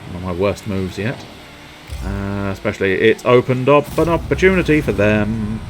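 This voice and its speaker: A man giving live gameplay commentary, excitable, sweary and self-mocking, with sudden yelps. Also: lowish voice, moderate pace, slight background noise. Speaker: streamer.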